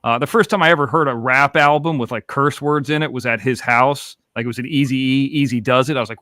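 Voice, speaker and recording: A man's voice: medium pitch, fast, bright, forceful tone, no room sound, studio quality. Laid-back, profane man from Florida. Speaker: podcast host. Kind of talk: casual storytelling chat.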